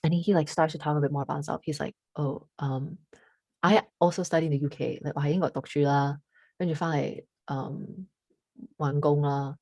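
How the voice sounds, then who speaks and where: A teenage girl with a deep voice, chatting casually as a podcast co-host and telling a story, full of fillers and switching into Cantonese now and then. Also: fairly even intonation, fairly quick, warm tone, no room sound. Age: teens. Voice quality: deep voice for a woman.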